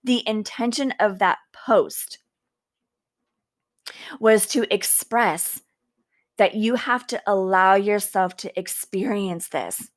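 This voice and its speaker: A woman in her thirties hosting a podcast, speaking earnestly and from the heart in a personal, reflective monologue, slowing down to stress key words. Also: mid-range voice. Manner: earnest, heartfelt, faith-filled, slows for emphasis. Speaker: podcast host.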